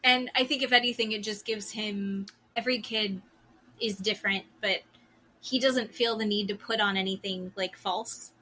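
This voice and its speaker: A woman co-hosting a podcast, recapping a reality show in casual chat, getting heated and quickly acting out what the cast said. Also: mid-range voice, fairly even intonation, sharp tone, a little hiss or hum. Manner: heated, quotes cast members in quick bursts. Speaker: podcast co-host.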